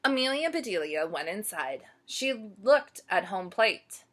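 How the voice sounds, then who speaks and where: Animated woman reading a picture book aloud. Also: medium pitch. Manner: slow, animated, asks listeners questions. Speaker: storyteller.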